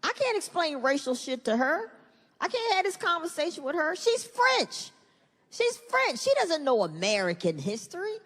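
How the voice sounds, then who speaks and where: A middle-aged woman performing a profane stand-up comedy set, animated and shifting into high acted-out voices. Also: normal speed. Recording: live hall reverb, faint room noise.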